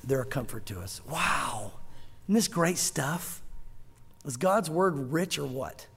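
A man preaching a sermon as pastor, telling the story with lively, animated delivery and acted-out dialogue. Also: on the high side, slow, husky, big-room sound.

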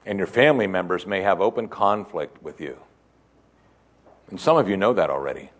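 A man preaching a sermon to his congregation, asking them questions and building to emphatic, excited peaks. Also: deep voice, a little fast. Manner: asks the congregation direct questions. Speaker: pastor.

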